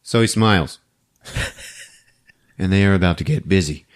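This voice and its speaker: A man hosting a podcast, recapping a movie as an animated storyteller who laughs often. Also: low voice, normal speed. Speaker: podcast host.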